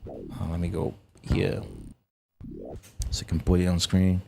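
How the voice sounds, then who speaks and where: A man, rambling and swearing through live gameplay stream chatter, laughing often and jumping into high exclamations. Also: completely flat delivery, a little slow, vocal fry, mellow, slight background noise. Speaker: game streamer. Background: game music.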